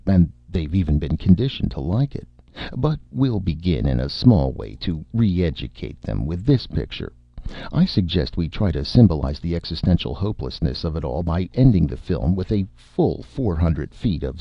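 A man's voice: deep voice, vocal fry, no echo, full character voice. A man voicing a confident, smug male screenwriter who talks in a glib, complacent, lordly way, in a dry, slightly muffled recording.

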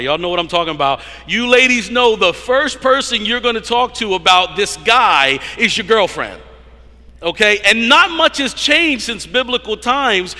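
A man's voice: a little high, pushed and bright. A male pastor preaching a sermon, playful and teasing toward the congregation, often restarting his phrases. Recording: long hall reverb.

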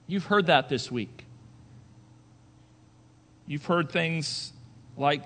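A male pastor preaching a sermon, moving between quiet conversational asides and loud emphatic declarations, with rhetorical questions to the congregation. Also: a little high, extremely slow, long pauses, in a large hall.

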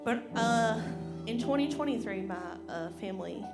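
A woman, heavily pregnant and congested, shares a candid testimony before she sings. Her voice sits high and wavers near tears. Piano and guitar play loudly under her words. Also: lively intonation, normal speed. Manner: candid, laughing through tears. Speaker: pastor's wife and singer. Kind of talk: personal testimony before singing. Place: church sanctuary. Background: piano and guitar playing.

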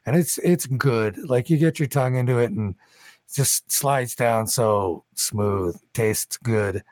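A man's voice: medium pitch, slow, a little mellow, no room sound. A man narrating as game master of a tabletop game, rambling casually with many fillers.

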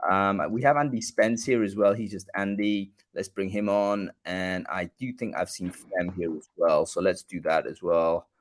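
A man hosting a live online show, chatty and filled with ums and uhs, talking from a room by a bright window. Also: low voice, steady tone, normal speed, few pauses. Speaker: host.

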